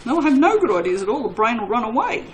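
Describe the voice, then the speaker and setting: A woman's voice: fairly high pitch, very animated, racing, a little hiss or hum, rough recording. A woman who hosts a soap-making channel and chats casually and self-mockingly to her viewers while she crafts, laughing often.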